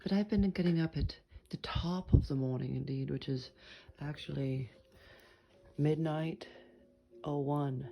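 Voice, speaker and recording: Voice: medium pitch, measured pace, creaky. A vlogger chatting casually to camera in a home kitchen, playful and rambling, full of quirky wordplay. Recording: loud background noise.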